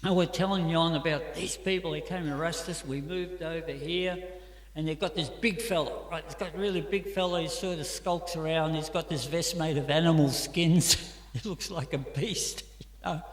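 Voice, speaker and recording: A man's voice: a little high, steady tone, normal speed. A man with an Australian accent giving a scripture class in a temple, telling stories in a chatty way with many fillers. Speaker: class speaker. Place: temple hall. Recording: echoey temple hall.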